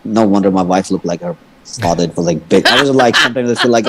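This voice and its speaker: A man's voice: on the low side, fast talker, over a noisy crowd, rough recording. A man from India with an Indian accent, a guest chatting casually on a video call and joking crudely. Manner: joking, crude, laughs often. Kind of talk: casual chat.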